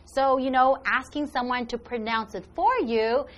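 A woman's voice: on the high side, steady tone, moderate pace, fairly bright tone. A woman hosting a live English lesson, upbeat and encouraging as she explains words with examples.

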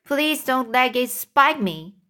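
A woman's voice: high-pitched, lively intonation, slow pace, sharp tone, pitched above the performer's own voice, full character voice. A woman reading aloud and voicing a timid, fretful earthworm who pleads and wails. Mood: fearful. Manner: wailing, pleading.

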